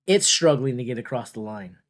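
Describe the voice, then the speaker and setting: A man's voice: mid-range voice, expressive, brisk. A man hosting a casual watch-along of a strongman contest, talking in a playful, jokey way with rambling asides. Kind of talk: casual live commentary.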